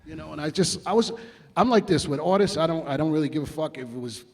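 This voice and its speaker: A man's voice: a little high, lively intonation, fast. A man, a music producer telling blunt, profane stories in an interview. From New York. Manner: blunt and heavily profane, acts out quotes. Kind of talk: casual interview storytelling.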